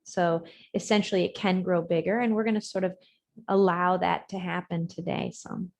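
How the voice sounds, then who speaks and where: A woman teaching an online yoga class, giving gentle, measured breathing cues whose words trail off softly, over a video call. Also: fairly low pitch, steady tone, creaky. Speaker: yoga instructor. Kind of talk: guided breathing and yoga instruction.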